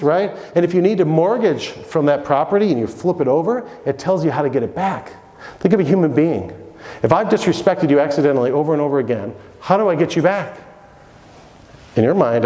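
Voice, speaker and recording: A middle-aged man giving a motivational keynote talk as an animated storyteller, swinging between loud highs and low asides. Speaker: keynote speaker. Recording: echoey hall, long reverb.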